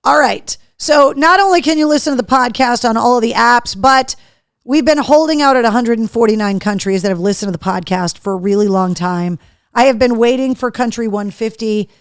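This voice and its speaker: A woman's voice: fairly high pitch, a little fast, smooth, no echo, clean studio sound. A middle-aged woman from Massachusetts hosting a live show in casual chat, reading viewer comments aloud and talking freely. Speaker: host.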